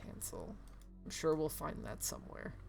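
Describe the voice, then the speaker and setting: A woman's voice: low-pitched, huge pitch swings, moderate pace, creaky, a little mellow, faint music behind. A woman streamer casually commenting on a game and reading in-game emails aloud, with sarcastic asides and frequent laughter.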